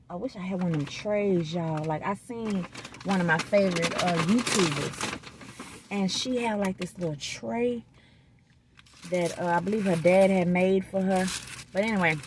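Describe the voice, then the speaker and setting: Sitting in her car in a restaurant parking lot, a woman with a voice on the low side eats and makes easygoing, folksy conversation for her vlog audience. She records on a phone as a food vlogger, and a little hiss or hum can be heard.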